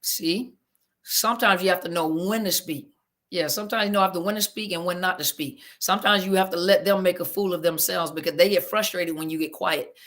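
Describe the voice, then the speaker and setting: A female therapist runs a live audio chat, responding to listener comments in a fairly quick, fairly bright voice that stays fairly low and even. She keeps apologizing after technical slips, sounding flustered, and her casual speech has a Southern flavor.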